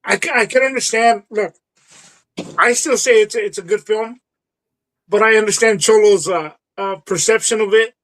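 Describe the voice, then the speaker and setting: Brief: high male voice, halting, laughs easily, casual film chat. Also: fairly bright tone, poor audio. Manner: stammers, restarts, laughs easily. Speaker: podcast co-host. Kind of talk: casual movie debate.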